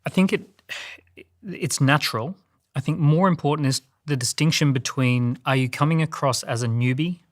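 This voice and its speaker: A man on a business panel giving a measured, structured explanation. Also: on the high side. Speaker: business guest. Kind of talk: panel discussion.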